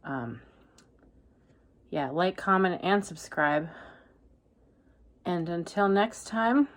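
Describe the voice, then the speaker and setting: Woman, book vlogger, low-ish voice, dry deadpan delivery tipping into ranting. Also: slow pace. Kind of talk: casual reading vlog.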